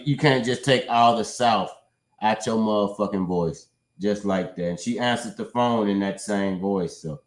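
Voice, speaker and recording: A man hosting a casual livestream panel, talking in an animated, skeptical way and swearing freely. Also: lowish voice. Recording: roomy, echoey recording.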